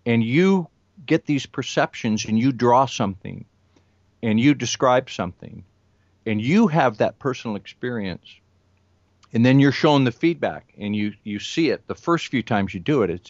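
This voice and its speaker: A man's voice: mid-range voice, expressive, normal speed, no echo. Earnest older man, dry lo-fi sound. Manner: earnest, storytelling, with restarts. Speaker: television news reporter and remote viewer. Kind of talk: conversational interview talk. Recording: dull lo-fi audio, dry.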